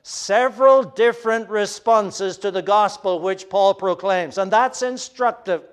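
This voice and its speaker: Man, preacher, sermon, high-pitched, smooth clear voice, earnest, halting with fillers. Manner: earnest expository preaching, frequent uh fillers, addresses children.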